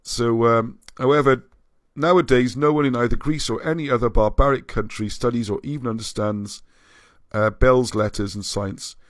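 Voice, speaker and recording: A man's voice: medium pitch, steady tone, normal speed, no room sound. A man hosting a livestream and reading out viewer comments, rambling and often restarting his sentences. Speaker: livestream host.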